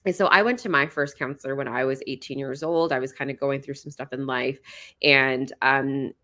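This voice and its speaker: A young adult woman, a psychologist, chatting as a podcast guest in a quick, casual way with many filler words. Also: a bass voice, steady tone, bright, forceful tone. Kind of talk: casual interview chat.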